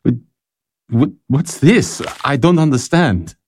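An actor playing a brisk, commanding older father in a radio drama. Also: medium pitch, expressive, darkish tone, slight background noise. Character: brisk aristocratic father, commanding yet curious.

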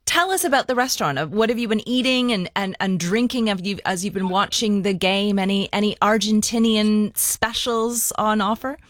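A woman radio presenter hosts a weekend news program, leading interviews in a measured, friendly way. Her voice sits in a middle range and the sound is dry. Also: medium pitch, fairly bright tone, no room sound.

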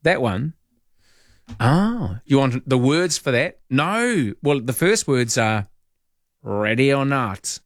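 A man's voice: medium pitch, big pitch swings, slow pace, no room sound, studio quality. A man hosting an overnight talkback radio show, chatty and wry as he reads listener messages. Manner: chatty, wry and rambling, reads lyrics aloud. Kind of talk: casual late-night talkback, reading listener messages. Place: radio studio. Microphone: studio microphone.

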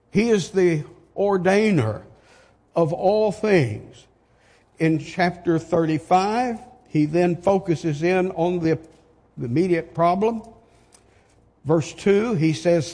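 Preaching in a big hall whose long reverb lingers on every phrase, an older man speaks at a deliberate, unhurried pace and keeps asking rhetorical questions. His voice is husky and higher-pitched, animated yet darkish in tone, and his delivery stays slow and emphatic.

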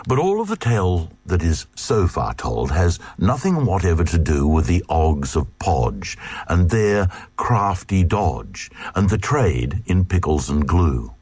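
A man's voice: deep voice, a little mellow, husky, no echo. A man giving a dramatic reading of a comic verse tale in a rhythmic, sing-song delivery. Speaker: reader.

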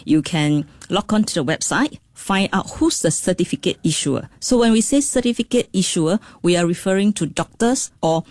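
A woman's voice: on the low side, expressive, normal speed, few pauses, a little mellow, no echo. A woman, a financial services director, explaining legal and money matters in an interview with frequent ums and okays. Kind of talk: radio interview answers.

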